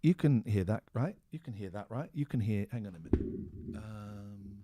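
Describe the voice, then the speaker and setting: A man's voice: on the low side, moderate pace, mellow, no echo. A man hosting a casual podcast, chatting loosely and swearing freely while fussing over audio levels. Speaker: podcast host. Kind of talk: casual chat. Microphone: close studio mic.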